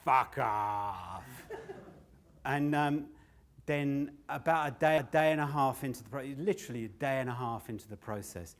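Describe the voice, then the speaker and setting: A man's voice: mid-range voice, steady tone, fairly quick. An older man telling stories on stage, loose and sweary, often laughing at his own tales. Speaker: storyteller and comedian. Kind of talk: live standup storytelling.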